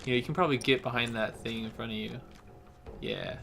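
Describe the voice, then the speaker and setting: A man's voice: mid-range voice, steady tone, a little fast, vocal fry, bright, forceful tone, soft background music. A man watching a friend play a video game, chatting casually, giving tips and laughing often. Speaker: co-host watching gameplay. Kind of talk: casual gameplay chat.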